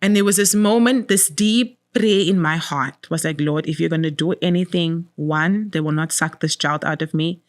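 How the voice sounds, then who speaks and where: A middle-aged woman with a somewhat low voice tells a painful personal story as an interview guest. She speaks from the heart, repeating key words for weight and quoting her own prayers. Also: normal speed, hardly any pauses. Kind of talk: emotional personal testimony.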